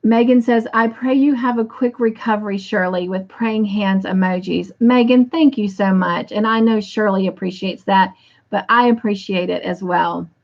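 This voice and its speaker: A woman's voice: mid-range voice, moderate pace, vocal fry, dull audio. A woman hosting a casual livestream, reading viewer comments aloud in an affectionate way. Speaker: livestream host.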